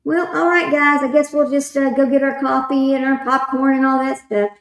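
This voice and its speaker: A woman's voice: sits high, little pitch movement, normal speed, echoey room, low-quality recording. A woman hosting a casual livestream, rambling and talking straight to her viewers. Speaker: livestream host.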